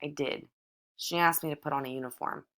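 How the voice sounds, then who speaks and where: A woman's voice: deep voice, steady tone, brisk, fairly bright tone. A woman voicing a flustered, earnest teenage farm girl.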